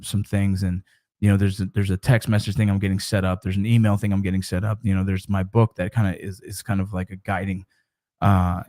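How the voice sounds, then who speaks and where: A man's voice: fairly low pitch, a little mellow. A man in his thirties talking to camera in a loose, rambling way about his family life. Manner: rambling, loose, with fillers and restarts. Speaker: vlogger. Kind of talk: casual monologue.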